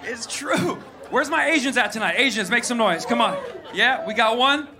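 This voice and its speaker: A man's voice: extremely high pitch, expressive, normal speed. A man performing a stand-up routine on a comedy club stage, acting out both sides of quoted exchanges with punchy timing. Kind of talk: stand-up routine before a live audience. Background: faint audience laughter and crowd noise.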